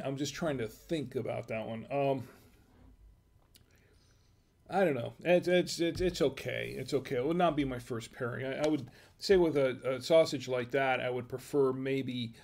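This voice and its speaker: A man with a mid-range, slightly mellow voice hosts a casual wine tasting livestream for his wine review show. He muses aloud in a hesitant, chatty way.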